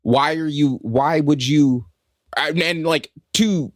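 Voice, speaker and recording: Slow-talking male podcast co-host. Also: on the high side, dry recording, studio quality. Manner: laid-back, drawn-out rants with swearing. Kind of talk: casual chat.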